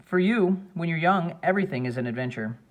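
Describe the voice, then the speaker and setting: A man's voice: fairly high pitch, expressive, a little fast, pitched above the performer's own voice, natural voice. Brief: sarcastic grown woman, dry wit, read by a male narrator. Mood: patient.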